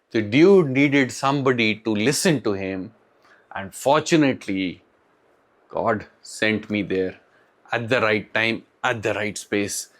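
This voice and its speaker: A middle-aged man with an Indian accent, telling interview stories to camera in an animated way, acting out quotes and laughing often. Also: medium pitch. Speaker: tech interviewer and channel host. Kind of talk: storytelling to camera.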